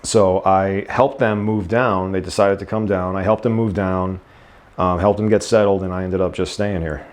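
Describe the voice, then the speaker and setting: A man in his thirties with a New York accent and a fairly low voice. He answers interview questions in an unhurried, easygoing way, full of ums and restarts. He sounds relaxed and conversational. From New York, Staten Island. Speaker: guest. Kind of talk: casual interview chat.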